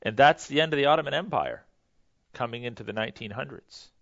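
A man teaching a history lesson in a loose, conversational way, pausing with fillers and correcting himself as he goes. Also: medium pitch, gravelly, a bit bright, no room sound, muffled recording. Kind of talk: history lecture to a class.

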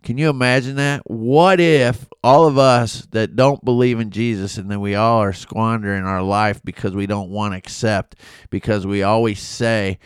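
Conversational pastor with a smooth, low voice. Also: male voice, normal speed, dry recording, clean studio sound. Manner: conversational, animated storytelling with rhetorical questions. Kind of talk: casual Bible study talk.

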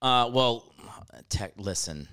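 A man's voice: mid-range voice, lively intonation, slow pace, sharp tone, clean tone, dry recording, clean studio sound. A man co-hosting a casual chat, easygoing and playful in his banter.

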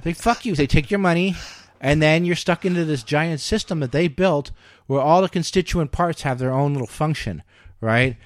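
Brief: relaxed male talker, slightly higher pitch, lively storytelling, dry close sound. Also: normal speed, dry recording. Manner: animated storyteller, acts out quoted voices, swears freely. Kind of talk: casual chat.

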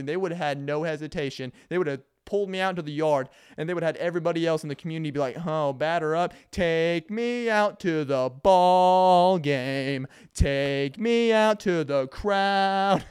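A man's voice: a little high, clean tone, no room sound, studio quality. A young man hosting a podcast, telling rambling comic stories in a casual monologue, full of laughs and acted-out quotes. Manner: rambling, animated storytelling with laughs and put-on quotes. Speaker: podcast host.

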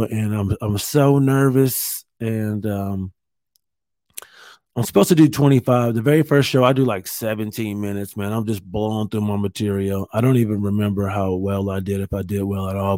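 A stand-up comedian from Ohio telling a candid story to camera from a hotel room, pausing often and restarting his sentences. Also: medium pitch, a little mellow, no room sound, clean studio sound. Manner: halting, many fillers and restarts, candid.

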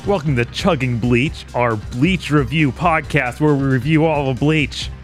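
A man's voice: medium pitch, measured pace, over music. A man hosting a podcast, chatting casually and laughing often. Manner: laughs often, lively and joking. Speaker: podcast host.

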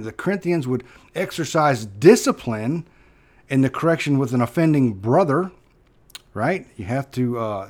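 A pastor preaching with earnest feeling, his voice at a middle pitch. He hammers key words louder, then falls to a hushed, slow close. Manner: earnest, emphatic preaching with sudden loud stresses and hushed drops. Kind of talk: sermon.

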